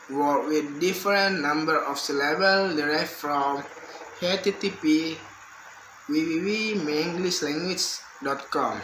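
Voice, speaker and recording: A young man, a university student reading a prepared exam answer aloud, carefully and with restarts. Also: a little high. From Indonesia. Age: young adult. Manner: slow, careful reading with repeated words and restarts. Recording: echoey room with faint background hum.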